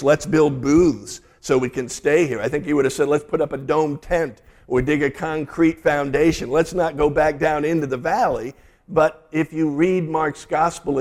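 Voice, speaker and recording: A man, a pastor, delivering a sermon and retelling scripture in a lively storytelling way. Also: medium pitch, creaky.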